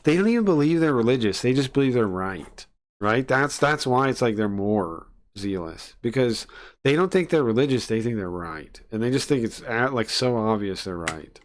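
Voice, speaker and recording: A man's voice: mid-range voice, lively intonation, normal speed. A man streaming live, reacting to a video with sarcastic, mocking rants. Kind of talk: casual live-stream commentary.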